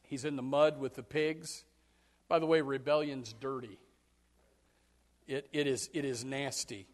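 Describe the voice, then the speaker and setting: A man preaching a sermon as pastor, jumping into loud acted quotes and dropping to low, quiet asides. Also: fairly even intonation, a little slow, in a large hall.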